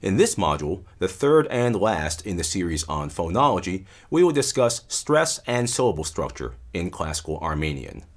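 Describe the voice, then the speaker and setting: Deep-voiced man giving an animated lecture. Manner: measured, explanatory, stressing key terms. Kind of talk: academic lecture.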